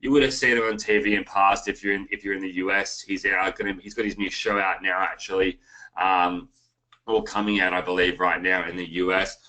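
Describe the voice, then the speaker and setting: A man's voice: sits low, little pitch movement, fairly quick, pushed and bright, rough recording. An Australian man hosting an online marketing webinar, talking casually and calling the viewers guys. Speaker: webinar host.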